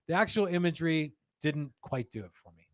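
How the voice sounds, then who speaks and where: Man, live-show host, joking casual chat, fairly high voice, dry close sound. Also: brisk, no room sound. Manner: animated and joking, reads viewer comments aloud. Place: indoor studio room with a humidor.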